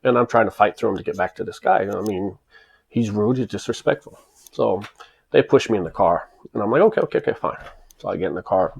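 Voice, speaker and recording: American man, low voice, raspy, casual storytelling, emphatic. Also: fast, darkish tone. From United States. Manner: emphatic, rambling with many restarts. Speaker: vlogger recounting his life in Japan.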